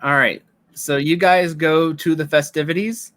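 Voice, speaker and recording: A man running a tabletop game as game master, narrating in a relaxed way and thinking aloud with restarts. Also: fairly high pitch, normal speed, dry recording.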